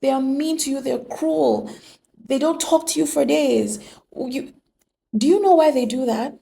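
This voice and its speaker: A woman's voice: sits high, unhurried, gravelly, mellow, a little hiss or hum. A woman giving an earnest, emphatic motivational monologue on relationships, full of rhetorical questions. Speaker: relationship speaker.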